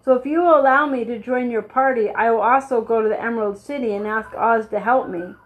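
A woman reading aloud, voicing a polite, sorrowful man made of tin, slow, courteous and earnest. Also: a little high, lightly acted, low-quality recording.

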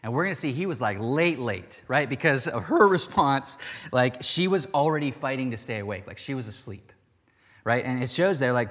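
A man's voice: mid-range voice, normal speed, fairly bright tone. A man preaching a casual, chatty sermon to a congregation. He acts out the quoted lines in little voices as he goes. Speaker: pastor. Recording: long hall reverb.

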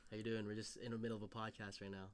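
A man's voice: fairly low pitch, flat delivery, racing, slight background noise. Guy on a podcast reading headlines then going off on them, swears a lot, pretty loose and chatty. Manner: loose and profane, reads headlines then riffs. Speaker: podcast co-host. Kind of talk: casual podcast chat, reading news aloud.

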